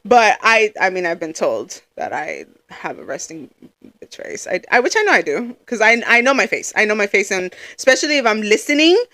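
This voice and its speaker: A young woman co-hosting a casual podcast chat, loud and animated, acting out quotes as she tells stories. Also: mid-range voice, brisk, dry recording. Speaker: podcast co-host.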